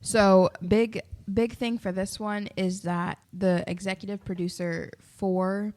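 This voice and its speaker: Excitable giggly woman podcaster. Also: mid-range voice, slow. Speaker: podcast co-host. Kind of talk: casual chat.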